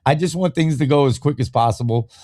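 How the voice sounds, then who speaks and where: A man's voice: mid-range voice, fast, dark tone, dry recording, studio quality. A man hosting a live podcast, ranting heatedly and profanely in casual talk, reading viewer comments between tirades. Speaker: podcast host. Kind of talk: casual live-stream rant.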